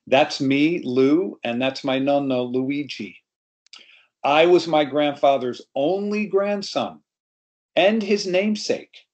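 A middle-aged New Yorker with a fairly high, darkish voice speaks slowly, telling a family tale in an easy, anecdotal way. Over a video call, he addresses a group as if before a live audience, and the sound is lo-fi.

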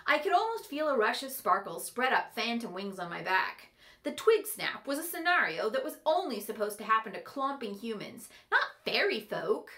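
Expressive woman reading a story aloud. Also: fairly high pitch. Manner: expressive, playful.

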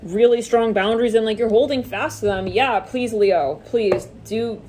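A woman's voice: a little high, normal speed, warm tone, slight background noise. A woman giving a casual tarot reading, rambling with many fillers and swearing offhandedly. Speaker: tarot reader.

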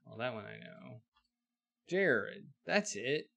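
A man voicing a busy, gruff old blacksmith from the frontier days of a video game, with an old-timey western drawl and homespun sayings. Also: medium pitch, very animated, takes it slowly, pushed and bright, heavily acted. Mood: amazed, secretive.

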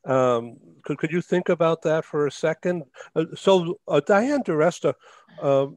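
A man's voice: on the high side, animated, unhurried, darkish tone, no echo. A man hosting a talk show, interviewing guests over a video call and asking questions hesitantly, with many fillers.

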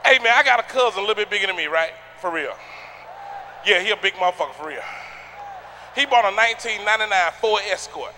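A man from Atlanta doing loud, profane stand-up comedy on stage, teasing the crowd and shouting punchlines. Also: sits high, animated, quick pace, pauses often, slight background noise. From Atlanta, USA.

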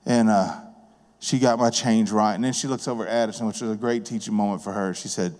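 A man with a fairly low, darkish voice and fairly even intonation speaks a little fast while preaching in a church sanctuary, where the hall adds long reverb. His conversational sermon draws on personal stories from his time as a contractor and business owner.

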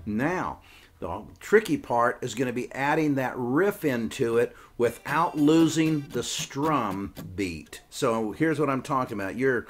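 A man giving a casual guitar lesson, coaching step by step and counting beats out loud. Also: medium pitch, expressive, a little slow. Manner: coaching, repeats instructions, counts beats aloud. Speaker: guitar teacher. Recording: guitar playing throughout.

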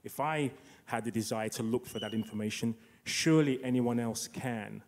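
A man's voice: mid-range voice, moderate pace, darkish tone. A man speaking as a panelist and telling a personal story. He acts out quoted dialogue and restarts his sentences often.

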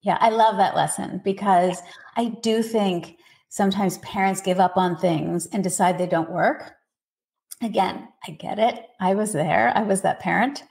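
A woman's voice: medium pitch, unhurried, creaky. Woman coach explaining steadily. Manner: steady, explanatory, frequent "you know" fillers. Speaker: autism parenting coach, guest. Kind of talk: podcast interview answers.

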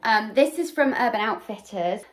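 A woman's voice: on the high side, animated, normal speed. A young woman from England vlogging, chatting casually about gifts in a rambling way with many fillers, recorded on a camera mic at home. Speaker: fashion vlogger. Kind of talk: casual chat.

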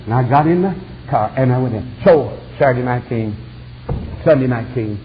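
A man preaching as an evangelist, telling a story with dramatic swings of pitch and sudden shouted peaks. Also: lively intonation, normal speed. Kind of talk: storytelling sermon. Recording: dull lo-fi archival sermon tape with faint hiss.

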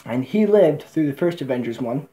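A man's voice: on the high side, lively intonation, normal speed, mellow. A man giving a casual spoken movie review, rambling and emotional with many fillers and restarts. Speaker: channel host and movie reviewer.

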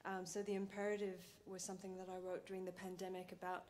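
A woman bandleader chatting softly between songs at a live concert, with frequent pauses and light laughter. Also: on the low side, monotone. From Malaysia. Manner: soft-spoken, with frequent ums and light laughs. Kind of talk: stage banter between songs. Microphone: stage microphone.

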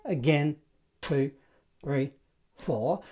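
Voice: medium pitch, drawn-out words, over loud music. Chatty, encouraging online saxophone tutor; casual delivery, scats and counts. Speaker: saxophone teacher. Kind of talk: online music lesson.

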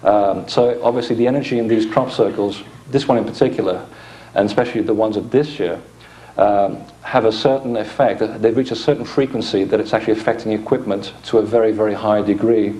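A man's voice: lowish voice, fairly even intonation, fairly quick, dark tone. A man giving an informal conference lecture with slides, explaining with dry asides into a microphone in a lecture hall.

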